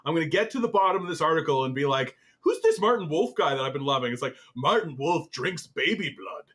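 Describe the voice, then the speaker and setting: A man hosting a political commentary show, reading an article aloud and reacting to it in an animated, swearing, exasperated way. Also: fairly high pitch, racing. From Canada.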